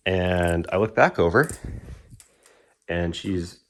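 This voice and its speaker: A man's voice: low-pitched, takes it slowly, long pauses. A young man casually telling a storytime about his hobby, acting out the quotes with laughs. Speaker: knife-flipping YouTuber.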